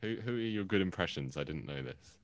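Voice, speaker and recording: A young man hosting a casual podcast chat, enthusiastic and quick to laugh. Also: low voice, animated, slight background noise. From England. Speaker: podcast host.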